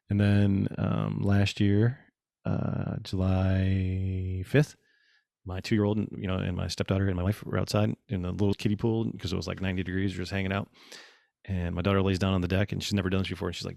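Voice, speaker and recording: A man chatting casually on a podcast, telling animated stories and acting out what people said. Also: deep voice, quick pace, creaky, dry recording, studio quality. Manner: animated storyteller, acts out quotes. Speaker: podcast guest. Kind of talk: casual chat.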